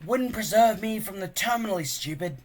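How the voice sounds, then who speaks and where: A man voicing a wise, very old man in a storybook reading, slow and drawn-out. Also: sits high, animated, a little hiss or hum, pitched above the performer's own voice. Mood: muttering. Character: ancient wise old man, calm but exasperated.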